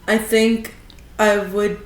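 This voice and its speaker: A woman's voice: medium pitch, level tone, slow, reverberant. A young woman from California co-hosting a podcast, chatting casually in a playful way, with frequent use of "like.". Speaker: podcast co-host. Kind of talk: casual chat.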